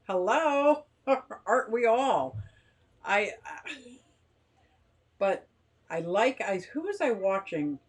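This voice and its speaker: A woman's voice: mid-range voice, very animated, takes it slowly, long pauses, breathy edge. Chatty older woman hosting a live stream. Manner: rambling, chatty, reads viewer comments aloud. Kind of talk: casual live-stream chat. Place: home garage.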